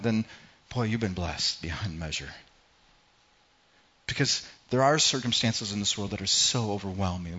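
A man preaching a sermon in an earnest way, often repeating words and dropping low and quiet for emphasis. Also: muffled recording. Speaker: pastor.

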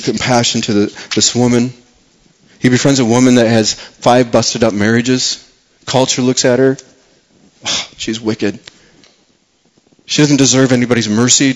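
An earnest male pastor preaches, using repetition for emphasis and letting his voice fall quiet and low when he reaches key phrases.

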